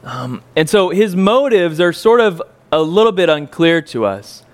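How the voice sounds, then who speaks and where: A man's voice: fairly high pitch, big pitch swings, a little slow. A male preacher giving a conversational sermon in a church, folksy and joking, with lots of ums and uhs.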